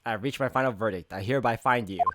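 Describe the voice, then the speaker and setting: A man voicing a solemn male judge, delivering a verdict in measured, formal speech. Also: mid-range voice, very noisy, pitched below the performer's own voice, natural voice. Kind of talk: game dialogue read aloud. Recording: loud game music behind.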